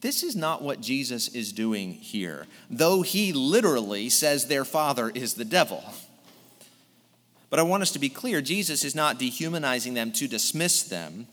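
A man's voice: mid-range voice, very animated, moderate pace, fairly bright tone. A male pastor preaching an earnest sermon, explaining a text verse by verse. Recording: long hall reverb.

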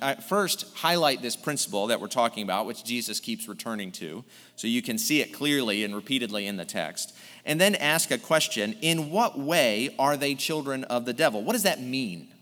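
A man's voice: medium pitch, a bit bright. A male pastor preaching an earnest sermon, explaining a text verse by verse. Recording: long hall reverb.

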